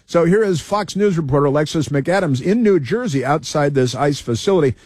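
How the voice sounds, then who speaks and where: A man's voice: fairly high pitch, animated, brisk, a little mellow, no room sound, clean studio sound. A man hosting a talk radio show, giving sarcastic, combative commentary over news clips and repeating phrases for emphasis.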